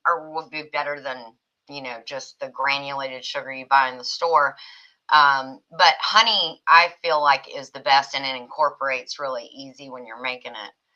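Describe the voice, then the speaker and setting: Woman, livestream host, chatty, bright forceful tone, slightly lower pitch, dull lo-fi sound. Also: normal speed. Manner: chatty, reads viewer comments aloud, laughs often. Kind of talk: casual livestream chat.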